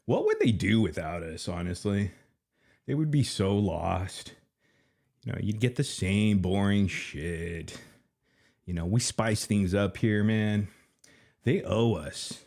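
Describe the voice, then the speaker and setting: Breathless male stream host with a deep voice and a sarcastic, taunting delivery. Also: big pitch swings, slow pace, gravelly, darkish tone. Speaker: livestream commentary host. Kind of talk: casual mocking commentary.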